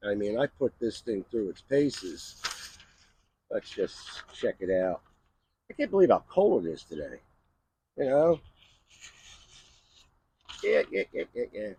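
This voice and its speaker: A man's voice: on the low side, very animated, slow, pauses often, dark tone, a little hiss or hum, poor audio. A middle-aged man from the USA hosting a casual knife review vlog outdoors, chatty and rambling, often tossing in "right?" and "all right". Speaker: knife channel host. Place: outdoors in the cold.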